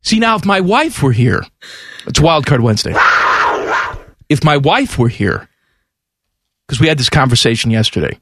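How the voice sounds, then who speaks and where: A middle-aged man hosting a radio sports talk show, joking and animated. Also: mid-range voice, normal speed, long pauses, no echo. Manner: animated, joking, yelling bits. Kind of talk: casual radio banter. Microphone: studio microphone.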